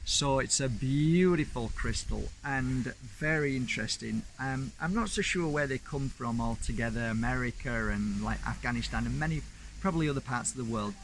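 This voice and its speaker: A man's voice: mid-range voice, normal speed, gravelly, slight background noise, poor audio. A man hosting his own channel, telling a personal story in a chatty, rambling, enthusiastic way. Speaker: crystal channel host. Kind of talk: casual storytelling to camera.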